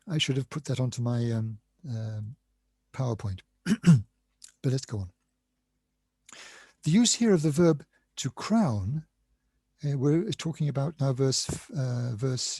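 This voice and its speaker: An older man lecturing on scripture in a measured, reading style, reciting Hebrew passages and sometimes losing his place. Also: mid-range voice, a little mellow, breathy edge, no room sound.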